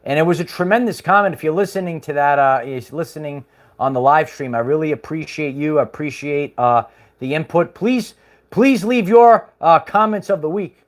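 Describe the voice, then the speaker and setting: A man's voice: fairly high pitch, moderate pace. Rambling man hosting a livestream. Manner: rambling, chuckling, many fillers. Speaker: livestream host. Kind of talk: casual livestream chat.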